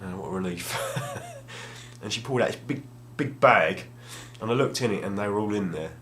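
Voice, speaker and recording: A man's voice: on the low side, animated, normal speed, fairly bright tone. A young man telling a rambling, self-deprecating story at home, casual and full of restarts. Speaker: gaming vlogger. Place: home room, at a table.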